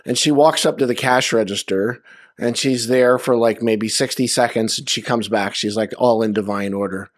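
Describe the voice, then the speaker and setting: A man's voice: mid-range voice, normal speed, dry recording, studio quality. A man sharing loose, conversational anecdotes at a memorial over a video call, with lots of fillers. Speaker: memorial speaker. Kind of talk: storytelling at a memorial.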